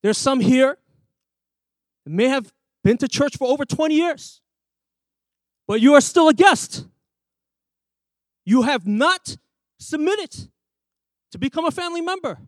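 The pastor's voice is very high and animated, his pace unhurried with long pauses, and there's no echo. Preaching emphatically in church, he often questions his congregation.

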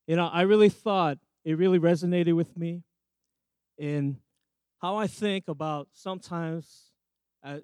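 A man's voice: fairly high pitch, a little mellow, clean tone, no room sound. A man in his thirties preaches to a church youth group in a slightly raised voice, rambling and poking fun at himself between restarts. His mic sound is close and dry, with no room around it. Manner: rambling and self-joking, many restarts. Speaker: youth pastor. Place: church youth service with audience. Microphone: microphone.

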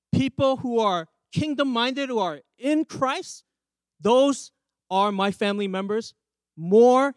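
A pastor with a high-sitting voice, recorded with no room sound, preaches a sermon in church. He is emphatic and frequently puts questions to the congregation.

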